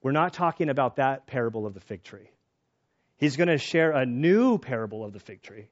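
A man preaching a sermon in a casual, conversational way, telling personal stories and getting animated when excited. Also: medium pitch, brisk, lo-fi sound. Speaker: pastor.

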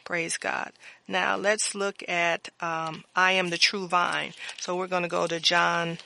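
Gravelly, fervent Bible teacher. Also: mid-range voice, flat delivery, slow pace, pushed and bright. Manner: reads scripture aloud with fervent interjections. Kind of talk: Bible study teaching with scripture reading.

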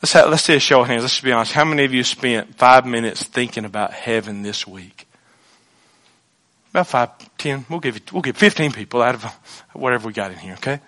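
His medium-pitched voice moves fairly quickly as the pastor preaches. He is animated throughout, performing the voices of people he quotes and shifting from booming outbursts to hushed asides.

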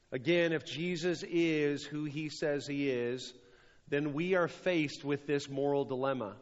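A man's voice: a little high, measured pace. A man preaching a sermon as a pastor, stressing and repeating key phrases. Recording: dull sound with long hall reverb.

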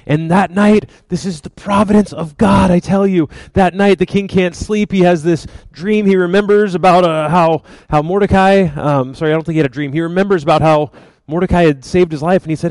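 A man preaching a sermon, retelling a story in a lively, conversational way. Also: sits high, brisk, dry recording, rough recording. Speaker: pastor.

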